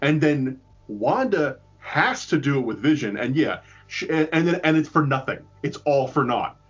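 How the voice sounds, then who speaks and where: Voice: mid-range voice, very animated, moderate pace, husky, lo-fi sound, faint music behind. A speaker in a casual chat, rambling, swearing and laughing often.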